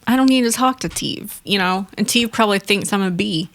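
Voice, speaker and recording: A woman's voice: medium pitch, fairly quick, a bit bright. A woman co-hosting a casual podcast, chatting with wry asides. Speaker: podcast co-host. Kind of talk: casual chat.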